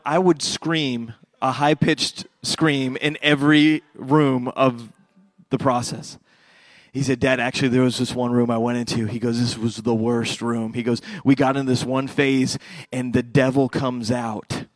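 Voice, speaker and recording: A middle-aged man preaching a sermon as a pastor, swinging between loud fervent passages and quiet hushed ones. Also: mid-range voice, steady tone, measured pace, dry recording.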